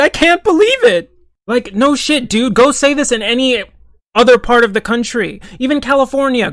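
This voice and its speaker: A man's voice: sits high, fairly bright tone, no echo. A young man giving a sarcastic, profane, exasperated running commentary as an online commentator. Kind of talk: ranting commentary.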